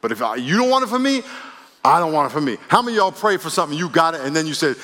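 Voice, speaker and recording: A man, a pastor, preaching a sermon in an animated way, acting out quotes and laughing between points. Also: sits high, quick pace, long reverb tail. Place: church sanctuary.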